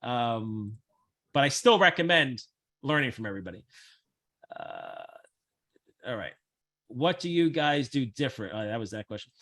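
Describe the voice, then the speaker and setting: A man hosting a casual chat, blunt, brash and profane, with animated storytelling. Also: medium pitch, moderate pace, gravelly, long pauses. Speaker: host.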